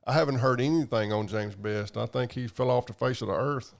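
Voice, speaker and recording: A man's voice: medium pitch, brisk, creaky. A man hosting a live stream, chatting casually and profanely while reading viewer comments. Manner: rambling, profane, drawling. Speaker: livestream host.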